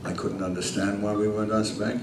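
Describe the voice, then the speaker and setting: A man's voice: on the low side, a little fast. Older man telling stories in an echoey hall. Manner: lively anecdotes with acted-out dialogue and frequent laughs. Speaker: actor answering fan questions. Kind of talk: convention Q&A storytelling. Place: large convention hall. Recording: echoey hall, heard from far off, faint hum.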